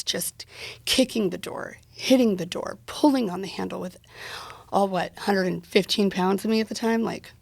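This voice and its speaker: A woman's voice: mid-range voice, creaky, breathy edge, dry recording. A woman guest on an interview podcast, candidly retelling a personal story and quoting the dialogue in it.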